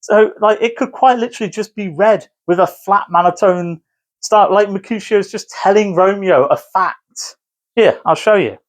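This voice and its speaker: A man's voice: sits high, normal speed. A man who teaches, talking casually to camera, rambling and correcting himself as he explains. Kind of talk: casual video commentary.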